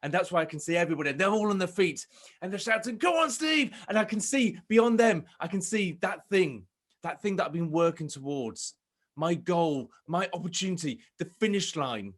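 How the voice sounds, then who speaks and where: A man from Britain, speaking a little higher than most men, gives a motivational talk over a video call. He tells his story with animation and now and then acts out shouts from a crowd. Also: normal speed. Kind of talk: live online motivational talk.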